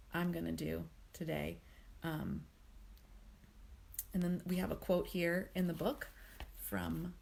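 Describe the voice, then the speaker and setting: A woman hosts a daily mindfulness reflection, speaking gently and without hurry, pausing on frequent ums. Her voice sits low, with a husky, breathy texture and a gravelly fry at the edges. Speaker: host of a daily mindfulness reading series. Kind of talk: reflective spoken commentary on a book reading.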